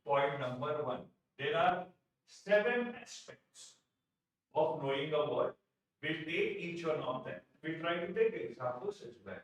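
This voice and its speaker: An Indian English man teaching a live exam-prep class, his voice sitting a bit high. He stresses points by repeating them and poses questions only to answer them himself. The recording is very roomy and reverberant, with him set back from the microphone. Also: animated, measured pace. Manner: emphatic, repeats key phrases, asks and answers his own questions. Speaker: vocabulary teacher. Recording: very echoey room, distant from mic.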